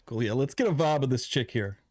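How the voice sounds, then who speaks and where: Animated, laughing livestream host. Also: male voice, medium pitch, fairly quick, dry recording, studio quality. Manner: laughing, chatty, fumbling with the audio setup. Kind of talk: casual livestream chat.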